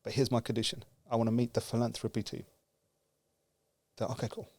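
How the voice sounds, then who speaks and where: Animated storytelling man, dry close sound. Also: mid-range voice, brisk, creaky, no echo. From United Kingdom. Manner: lively, acts out quoted dialogue, laughs. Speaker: guest speaker.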